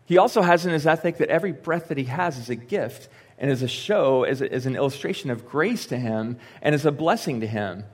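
A man's voice: medium pitch, animated, fairly quick, few pauses. A young man preaching a sermon in a church, speaking in a conversational way with joking asides and quoted lines acted out. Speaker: pastor. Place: church sanctuary.

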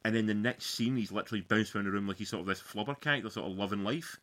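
A man co-hosting a podcast, chatting casually about a film with quick opinionated takes and frequent restarts. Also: on the low side, a bit bright. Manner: fast, opinionated, stumbling restarts. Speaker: podcast co-host. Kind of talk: casual film review chat.

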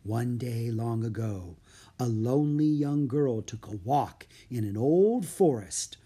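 Reader doing old irish storyteller lady, hushed lilting fairy-tale telling, slightly husky. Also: mid-range voice, lively intonation, slow pace. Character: older Irish woman storyteller, dreamy, believes in fairies.

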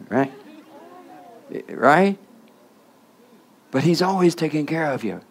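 Gravelly man preaching with rhetorical questions. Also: fairly high pitch, lively intonation, takes it slowly, long pauses. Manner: rhetorical questions with repeated "huh?"; shifts between hushed and loud passages. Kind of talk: sermon.

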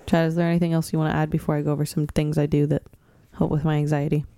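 Podcast host, woman, smooth lowish voice, chatty with lots of "um"s, dry sound. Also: level tone, very fast, mellow, dry recording. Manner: chatty, frequent "um", laughs easily. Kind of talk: casual chat.

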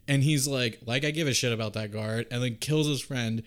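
A man tells a movie's plot in loose, profane podcast chat. His voice sits at an ordinary middle pitch, and he drops into quick impressions of the characters as he goes. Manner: profane, animated storytelling, acts out characters' lines. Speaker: podcast co-host. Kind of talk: casual movie recap chat.

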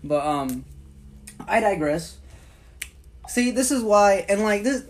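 A man's voice: sits high, expressive, slow pace, crowd noise. A young man co-hosting a casual chat, teasing his friend, laughing often and talking in roundabout sentences. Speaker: podcast co-host. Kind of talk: casual banter.

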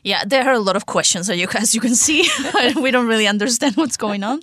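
A woman in casual chat, retelling a movie's plot with frequent laughs and quick impressions of the characters. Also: fairly high pitch, no echo, clean studio sound. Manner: lively, laughs often, acts out the characters' lines.

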